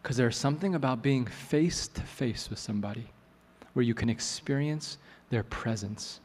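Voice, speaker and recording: A man preaching a sermon as a pastor, telling a story in a relaxed, joking way. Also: mid-range voice, normal speed, slightly rough. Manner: conversational, joking asides. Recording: long hall reverb, soft music.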